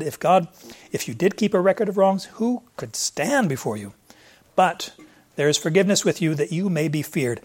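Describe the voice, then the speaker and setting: Earnest preacher man with a higher voice. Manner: earnest, conversational, with frequent restarts. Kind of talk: expository sermon.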